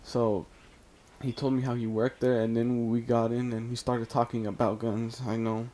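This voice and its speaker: A man's voice: medium pitch, little pitch movement, moderate pace, dark tone. Rambling, profane young storyteller man. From California. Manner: rambling and profane, heavy use of "like". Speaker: storytime YouTuber. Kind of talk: casual storytelling over gameplay.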